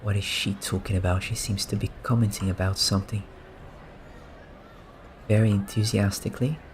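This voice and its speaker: A man giving relaxed, soft-spoken gameplay commentary, musing and amused as he points things out. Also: lowish voice, normal speed, background noise. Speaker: gaming streamer.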